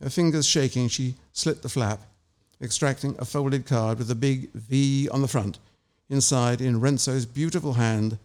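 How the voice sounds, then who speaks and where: A man reads his short story at an even, middle pitch. He then talks about his writing in a measured, anecdotal way, with small restarts. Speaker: author and interview guest. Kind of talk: story reading and casual interview.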